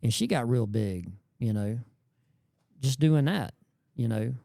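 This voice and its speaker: Rambling man with mellow voice. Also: mid-range voice, animated, a little slow, creaky, no echo, clean studio sound. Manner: rambling, slangy, repeats words. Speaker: guest YouTube creator. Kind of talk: casual podcast chat.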